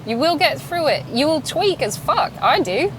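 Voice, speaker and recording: A woman's voice: sits high, big pitch swings, normal speed, noisy background. A woman in her thirties, a podcast host chatting alone while driving, laughing often, swearing and poking fun at herself. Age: 30s. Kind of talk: casual solo chat while driving. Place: in a car.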